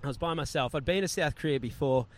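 Animated man telling a travel story. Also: a little high, fast talker. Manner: animated, acts out quoted voices. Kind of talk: casual storytelling chat.

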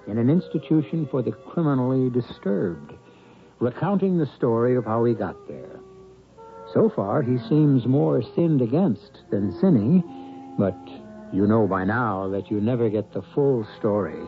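A man hosting and narrating an old radio mystery with a wry, measured delivery. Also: medium pitch, gravelly. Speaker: host and narrator. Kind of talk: scripted radio drama narration. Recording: tinny old radio broadcast with music.

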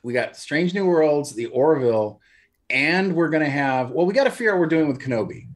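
A man's voice: fairly high pitch, expressive, a little fast. A man co-hosting a podcast, chatting casually in an easygoing, storytelling way. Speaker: podcast co-host.

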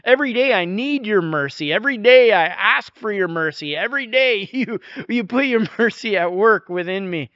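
A man preaching a sermon in a conversational way, often restarting phrases and dropping to a soft, intense hush. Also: high voice, lively intonation, moderate pace, few pauses, no echo, dull audio. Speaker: pastor.

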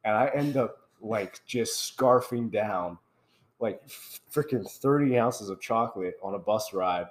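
A young podcast host, speaking in a fairly low, unhurried voice, casually tells a funny story. He's animated and laughs as he talks.

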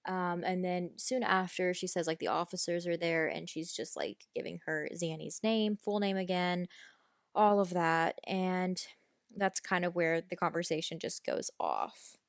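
A woman's voice: fairly low pitch, unhurried, no room sound, clean studio sound. A woman hosting a true crime podcast, retelling a case in a chatty, frank and opinionated way, with the odd mild swear. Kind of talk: casual true crime storytelling. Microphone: podcast microphone.

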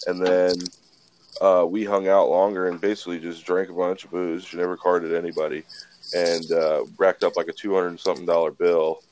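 A man's voice: sits low, little pitch movement, normal speed, darkish tone, a little hiss or hum. A man in his twenties, a podcast co-host, telling a rambling, swear-filled story in casual chat.

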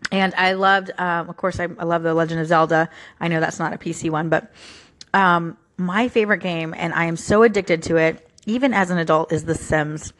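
A woman's voice: fairly low pitch, steady tone, normal speed, a bit bright. A woman leaving a casual message for a radio show while eating lunch, chatty and eager. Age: adult parent.

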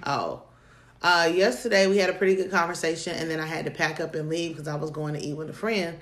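A woman with a low voice chats casually about dating, telling stories in an animated way with frequent laughs. She sounds like she is in an echoey room. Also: quick pace. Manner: animated storytelling, laughs often. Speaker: podcast co-host.

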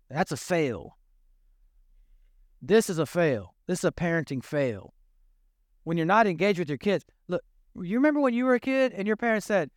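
A man's voice: sits high, moderate pace, long pauses, no echo, clean studio sound. An older man, a grandfather and pastor, preaching a sermon in a conversational, joking way. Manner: conversational, jokey, animated preaching.

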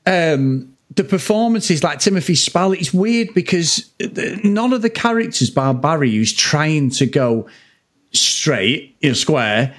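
Aussie guy in his 40s rambling about a movie, swears a lot, voice sits a bit high. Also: sing-song, takes it slowly, a bit bright. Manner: rambling, swears freely, frequent laughs. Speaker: podcast co-host. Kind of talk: casual film chat.

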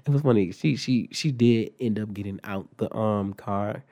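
A young man, recovering from an illness and sounding congested, telling a story casually and profanely with big jumps in pitch. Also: normal speed, warm tone, no echo, clean studio sound. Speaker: vlogger.

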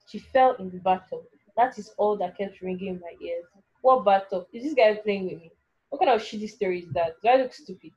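A woman's voice: medium pitch, fairly quick, a little mellow, highs cut off. A woman narrating a first-person story in an anxious, self-questioning way.

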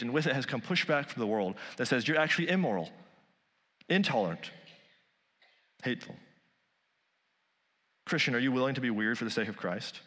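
A male pastor preaching a sermon, rising loud on key points and dropping soft on others. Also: medium pitch, big-room sound.

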